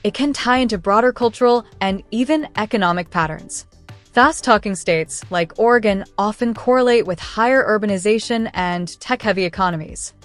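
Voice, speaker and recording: A woman's voice: mid-range voice, normal speed, no room sound, faint music behind. Woman narrating a fact countdown. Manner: smooth, evenly paced read with no fillers. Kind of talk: scripted documentary-style narration.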